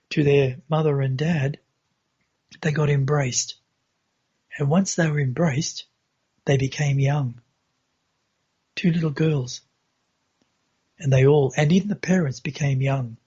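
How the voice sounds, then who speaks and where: Very husky man, slow gentle storyteller. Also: a little high, muffled recording. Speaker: spiritual guest. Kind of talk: storytelling interview talk.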